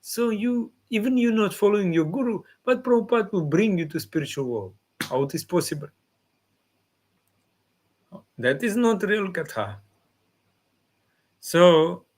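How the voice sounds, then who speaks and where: A man giving a devotional class in simple, non-native phrasing, often acting out the replies of his listeners. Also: on the high side. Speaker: spiritual teacher.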